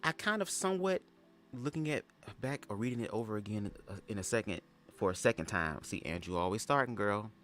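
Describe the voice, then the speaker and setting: A man's voice: on the low side, animated, brisk, fairly bright tone, a little hiss or hum. A young man giving sassy, chatty commentary on a livestream, often calling listeners "girl". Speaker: livestream host reading a book aloud.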